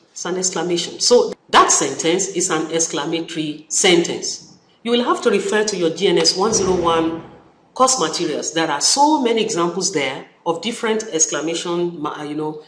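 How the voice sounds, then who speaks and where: A university lecturer with a Nigerian English accent giving a recorded study-session lecture, animated, repeating key phrases and acting out example sentences. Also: medium pitch, slight background noise. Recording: echoey room.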